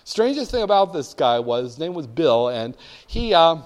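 An older man with a fairly high voice tells stories to an audience. His delivery is animated and emphatic, with a wry edge, and he sometimes gets the crowd to repeat words back to him. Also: moderate pace. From northern United States. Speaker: speaker addressing an audience. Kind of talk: storytelling talk.

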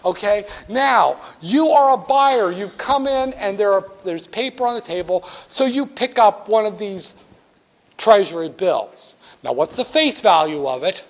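A male teacher giving a lecture with a lively, joking delivery. He talks straight to his students and teases them as he goes. His voice is fairly high for a man. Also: a little slow. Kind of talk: classroom lecture.

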